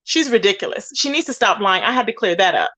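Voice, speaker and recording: A woman's voice: mid-range voice, lively intonation, quick pace, pushed and bright. A woman hosting a livestream, ranting indignantly and emphatically while greeting chat viewers. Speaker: livestream host. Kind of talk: heated livestream rant.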